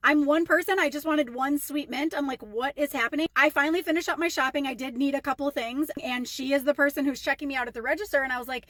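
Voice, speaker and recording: A woman's voice: high-pitched, fast talker, hardly any pauses, a bit bright, no echo. A young woman telling a casual storytime rant to her followers, chatty and indignant. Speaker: storytime vlogger.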